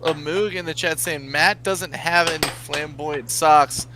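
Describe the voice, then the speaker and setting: A man with an American accent co-hosting an air hockey stream, reading viewer chat messages and giving shout-outs. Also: on the high side, steady tone, unhurried.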